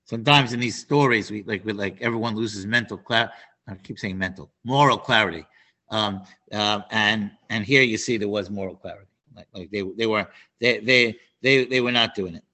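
A man teaching a Torah class, animated and prone to restarts and asides. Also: fairly low pitch, normal speed. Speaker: Bible teacher.

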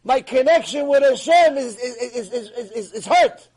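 A man playing an old rabbi who cries and wails in lament, with a husky voice. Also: a little high, very fast, voice pushed down, lightly acted. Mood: anguished wailing. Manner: wailing, sobbing repetition. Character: grief-stricken old rabbi wailing in lament.

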